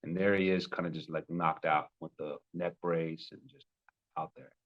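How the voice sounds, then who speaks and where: A man in his twenties, a love coach, telling a personal story with animated, emotional bursts. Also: sits low, moderate pace, highs cut off. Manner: emotional, animated retelling with sudden loud peaks.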